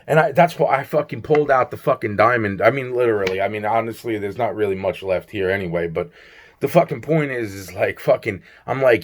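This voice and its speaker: This vlogger's voice is fairly low and fairly quick. He tells a rambling, profane storytime about a strange encounter, acting out both sides of the conversation and repeating himself a lot.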